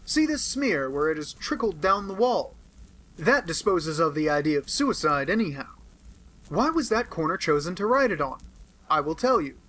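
A man's voice: fairly high pitch, big pitch swings, normal speed, a bit bright, poor audio. A man reading an audiobook and voicing a pompous, self-satisfied male police detective who shows off his discovery in a triumphant, boastful manner. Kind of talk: audiobook character voice.

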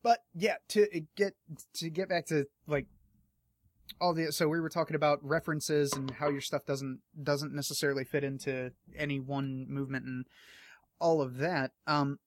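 A man hosting an interview, eager and rambling, with a voice that is wearing thin. He sits a little above the usual male pitch, recorded dry and close with no room in the sound. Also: fairly even intonation, normal speed, no echo. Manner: rambling, eager, thinks aloud. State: losing his voice. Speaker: podcast host interviewing an author. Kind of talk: casual interview chat.

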